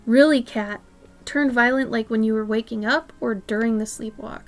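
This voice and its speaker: A woman streamer chatting casually with her viewers in a slightly high voice. She often sinks into a soft near-whisper, then bursts into loud, excited exclamations. Faint music plays underneath. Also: normal speed. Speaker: artist streamer. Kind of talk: casual live-stream chat reading viewer messages.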